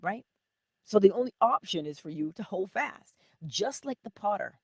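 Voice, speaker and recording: Lively woman giving a motivational talk. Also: medium pitch, normal speed, breathy edge, no room sound, clean studio sound. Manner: animated, laughing, talks straight to viewers. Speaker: inspirational speaker.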